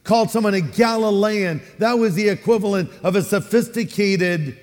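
High-voiced Californian pastor preaching in a hall. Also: male voice, normal speed. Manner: animated, acts out quoted voices and asides. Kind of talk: sermon.

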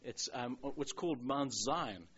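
South African male pastor, husky voice, chatty and digressive, dull lo-fi sound. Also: medium pitch, measured pace. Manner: chatty and digressive, with many restarts and soft chuckles. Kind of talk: Bible teaching sermon. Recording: dull lo-fi recording.

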